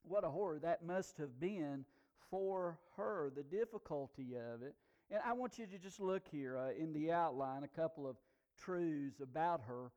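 A man preaching a sermon as pastor, swinging between hushed passages and loud, emphatic declarations. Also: fairly high pitch.

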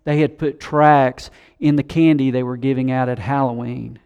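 A man preaching a sermon, animated, who acts out the voices of scoffers he quotes. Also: medium pitch, normal speed, clear, resonant tone, lo-fi sound. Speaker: pastor.

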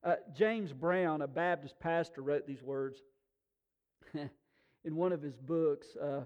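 A man preaching a sermon in a folksy, animated storytelling way, often restarting his sentences. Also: fairly high pitch, slow, dull audio. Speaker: pastor.

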